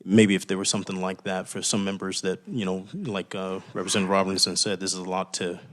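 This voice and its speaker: A lawmaker with a low, level voice makes a long suggestion at a committee hearing. He rambles and clears his throat as he goes. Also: flat delivery, fast. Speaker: state representative.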